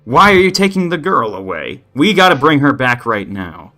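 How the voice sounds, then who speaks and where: A man's voice: mid-range voice, animated, a little fast, pushed and bright, faint music behind. A man voicing a wary, stubborn townsman who insists on keeping a girl with her mother, in a firm, insistent manner. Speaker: non-player character.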